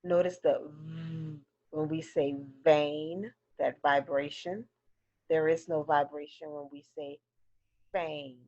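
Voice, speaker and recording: Slow, low-voiced woman teaching phonics. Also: fairly even intonation, a little mellow, no room sound, highs cut off. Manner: slow, clearly drilled word pairs. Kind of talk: phonics lesson for children.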